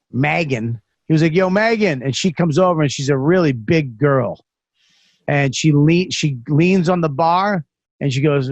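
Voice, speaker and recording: A man hosting a podcast, telling rambling self-mocking stories full of swearing and false starts. His voice sits a little higher than most men's. The sound is dry and close. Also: no echo, lo-fi sound. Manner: profane, self-deprecating storytelling with many restarts. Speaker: podcast host. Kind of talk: casual chat.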